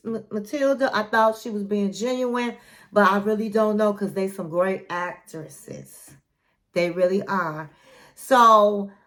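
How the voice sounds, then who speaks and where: A woman's voice: fairly high pitch, fairly bright tone. Chatty woman recapping reality TV. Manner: chatty, opinionated, retells scenes in quotes. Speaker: recap channel host. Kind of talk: casual TV recap commentary.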